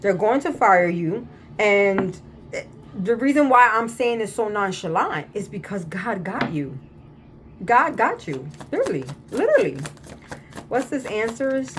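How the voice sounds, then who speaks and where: A woman reads tarot in an easygoing, repetitive way, circling back to the same point again and again with emphatic reassurance. Her voice sits at a middle pitch, and her throat sounds slightly scratchy. A faint hum of noise runs under the recording. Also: very animated, a little slow. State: slightly irritated throat, coughing at times. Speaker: tarot reader. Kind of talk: casual tarot reading to camera.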